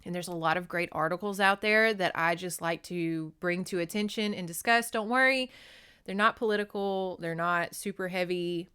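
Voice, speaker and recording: A woman hosting a podcast, recapping a book in casual chat; animated and profane, laughing often. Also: on the low side, normal speed, clean tone. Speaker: podcast host.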